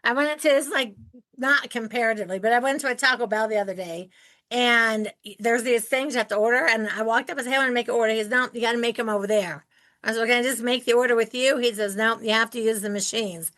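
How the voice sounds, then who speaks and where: A woman in her sixties from Ohio, hosting an interview podcast and telling animated stories with acted-out quotes. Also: fairly high pitch, fast. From Ohio, United States. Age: 60s. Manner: animated storyteller, acts out quoted voices. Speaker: podcast host. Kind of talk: casual interview chat.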